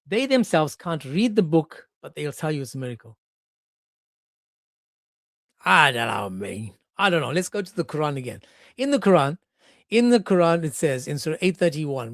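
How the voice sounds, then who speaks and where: An animated male streamer talking to his chat in a sarcastic, joking way. His voice sits fairly high for a man. The sound is dry and close. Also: normal speed, long pauses, no room sound. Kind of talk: casual livestream commentary.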